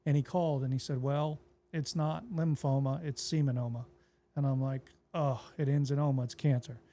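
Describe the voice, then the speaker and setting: Mellow-voiced pastor telling his story. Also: mid-range voice, normal speed, slight background noise. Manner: relaxed, plainspoken retelling that acts out quoted dialogue. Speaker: pastor and podcast guest. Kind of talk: casual interview storytelling.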